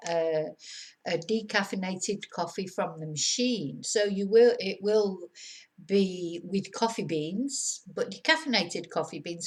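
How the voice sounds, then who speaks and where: A middle-aged woman gives a relaxed spoken lesson. She talks in a chatty, meandering way, full of fillers and small laughs. Her voice sits a little low. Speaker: Spanish teacher on own channel.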